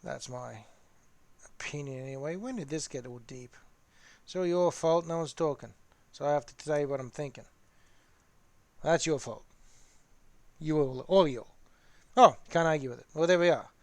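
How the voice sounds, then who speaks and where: A man's voice: on the high side, normal speed, pauses often, darkish tone, dry recording. A man hosting a casual live-stream chat while painting models, rambling and talking to his viewers. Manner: rambling, chatty, talks to the chat.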